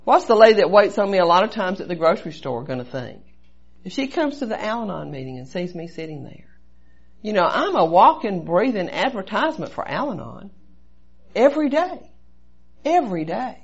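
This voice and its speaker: A woman's voice: medium pitch, breathy edge. A woman giving an earnest personal testimony at a recovery meeting, telling her story with lots of repetition. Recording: dull lo-fi recording.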